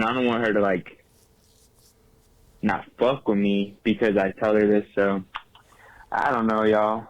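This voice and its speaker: A man's voice: fairly low pitch, lo-fi sound. Worried, slangy male caller. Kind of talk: recorded voice message.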